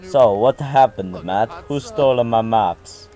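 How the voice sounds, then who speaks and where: A man's voice: medium pitch, dark tone, faint music behind, voice pushed up, close to an everyday voice. A man doing a hammy Italian chef. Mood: effusive. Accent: put-on Italian. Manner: theatrical, exclaiming, deliberately bad accent. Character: excitable Italian male chef shopkeeper.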